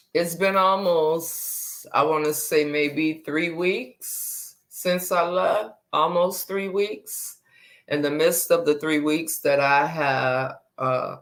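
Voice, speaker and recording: A woman's voice: low voice, a bit bright. A woman hosting a casual live stream, chatting with viewers and greeting them by name with repeated hellos.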